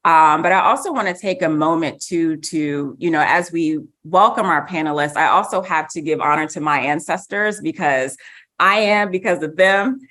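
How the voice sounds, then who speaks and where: A woman's voice: sits low, normal speed, fairly bright tone. A woman moderating a panel in a casual, upbeat way, hyping up the audience and guests.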